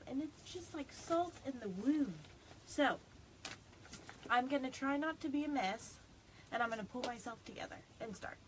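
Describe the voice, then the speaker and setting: A woman's voice: a little high, a little hiss or hum, poor audio. A woman chatting casually on a phone live stream from her home, rambling and fighting back tears. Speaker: direct sales consultant. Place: home on a small farm.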